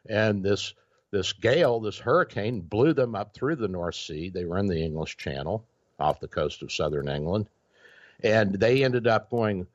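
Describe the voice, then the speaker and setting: A deep-voiced man hosts a casual radio talk show and rambles through long stories, full of fillers and restarts. The sound is dry and a little dull, like lo-fi radio. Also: dry recording. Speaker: radio show host, doctor.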